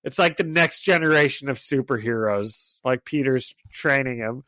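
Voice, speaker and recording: A man hosting a podcast, recapping an episode in an animated way and laughing often as he retells it. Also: mid-range voice, moderate pace, dry recording. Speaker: podcast host.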